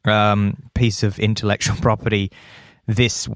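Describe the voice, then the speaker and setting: A man's voice: on the low side, level tone, a little slow, no echo, studio quality. A man hosting a podcast in casual chat, enthusiastic and playful, often repeating lines for effect. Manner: enthusiastic, repetitive listing, playful. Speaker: podcast host.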